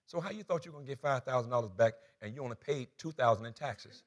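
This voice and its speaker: A man's voice: medium pitch, expressive, fast talker. A man preaching a sermon as pastor, telling a comic story and acting out the dialogue with energy.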